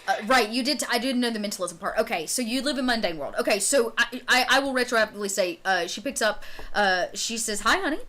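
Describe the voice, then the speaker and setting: A woman running a tabletop game on a live stream, narrating briskly and quizzing her players. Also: a little high, bright, forceful tone, a little hiss or hum. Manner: brisk, chatty, asks players questions. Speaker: game master.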